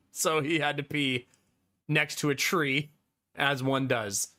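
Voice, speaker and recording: A man's voice: on the high side, sharp tone. A man in his thirties, a live streamer telling a story to his viewers in casual chat, laughing often and swearing freely.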